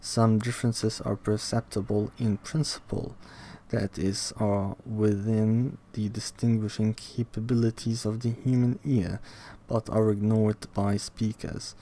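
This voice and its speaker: Young man reading his study text aloud, unhurried and mellow, pausing to try out words. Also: lowish voice, little pitch movement. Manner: slow, halting reading, repeats words to test stress. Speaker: reader studying a linguistics textbook aloud. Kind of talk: casual read-aloud study session.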